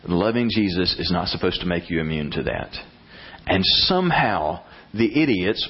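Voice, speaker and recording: Guy preaching a sermon, kinda husky, gets loud and animated, muffled recording. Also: on the low side. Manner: animated, acts out prayers in a rising voice, blunt. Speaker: pastor.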